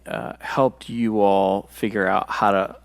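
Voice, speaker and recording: A man moderating a church forum discussion, speaking haltingly with many fillers. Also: lowish voice, flat delivery, creaky.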